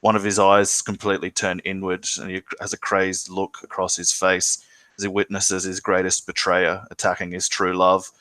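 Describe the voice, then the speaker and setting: Male game master, low steady voice, descriptive and halting with fillers. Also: no echo. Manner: descriptive narration with frequent filler words. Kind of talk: narrating a tabletop game.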